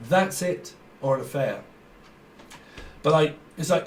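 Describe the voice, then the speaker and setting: Guy doing a rambly tarot reading, kinda high voice, a bit off mic in an echoey room. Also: unhurried, long pauses, recorded from a distance. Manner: rambling, acts out imagined dialogue, laughs often. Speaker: tarot reader. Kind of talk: casual tarot reading monologue.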